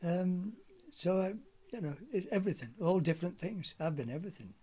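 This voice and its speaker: In a chatty interview full of anecdotes, an older man who works as a pantomime comedian performs bits of his old routines in character voices. He speaks briskly and animatedly in a high-pitched, husky voice with a dark tone.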